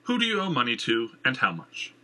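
A man's voice: medium pitch, wildly swooping pitch, brisk, bright, forceful tone, exaggerated voice. A man voicing Jenner, a blunt, serious man who asks direct, probing questions. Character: blunt, serious man, former theater hand.

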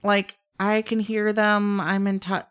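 Trickster spirit, male, playful and bored, played by a woman, smooth voice, teasing drawl. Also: medium pitch, little pitch movement, a bit bright, pitched above the performer's own voice, lightly acted. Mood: dismissive. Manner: teasing, drawn-out, chatty with trailing fillers.

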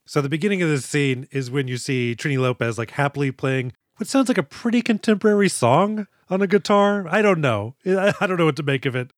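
A man's voice: fairly high pitch, animated, brisk, hardly any pauses, no echo, studio quality. A man co-hosting a casual movie podcast, joking and acting out lines from films. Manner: jokey, acts out movie lines in quoted voices. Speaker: podcast co-host.

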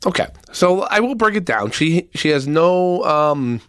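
A man's voice: a little high, animated, unhurried, a bit bright, smooth, dry recording, clean studio sound. A man hosting and breaking down comedy clips in casual commentary, with frequent ums. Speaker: host reacting to comedy clips.

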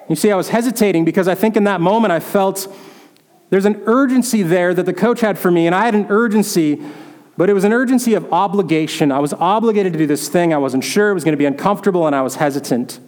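A pastor with a high, somewhat dark-toned voice preaches fast in a big-sounding room. His sermon is built on stories, and he acts out the voices of the people in them.

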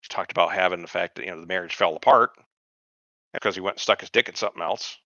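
A man's voice: sits low, fast, no room sound, dull audio. A man co-hosting a podcast, bluntly retelling and mocking scenes from a TV show with lots of swearing. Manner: blunt, profane, animated retelling. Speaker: podcast co-host. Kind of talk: profane casual chat about a TV show.

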